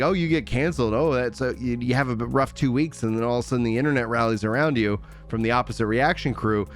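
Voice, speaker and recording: A man rambling through gaming opinions in a casual solo commentary, with lots of restarts and filler. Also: mid-range voice. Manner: rambling, animated, many restarts.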